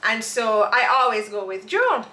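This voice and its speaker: Playful woman, bright voice. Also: a little high, big pitch swings, measured pace, slight background noise. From Jamaica. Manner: playful, teasing, laughs often. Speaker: co-host. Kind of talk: casual storytelling chat. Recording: echoey room.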